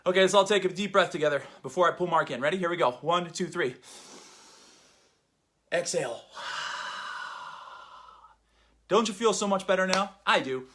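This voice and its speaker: A man hosting a fitness show leads an exercise demo, then moves into casual podcast chat that is energetic, jokey and rambling, and he sounds a little out of breath. His voice is high-pitched, and he talks fast with few pauses.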